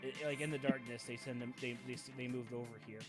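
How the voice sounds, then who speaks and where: Man, game master, tabletop game, halting speech, mid pitch, clear music behind. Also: flat delivery. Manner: halting, many fillers and restarts.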